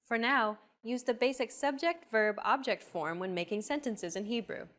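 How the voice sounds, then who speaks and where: A woman hosting a language lesson, reading a scripted narration in a clear, upbeat teacher's manner. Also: on the high side, moderate pace, fairly bright tone.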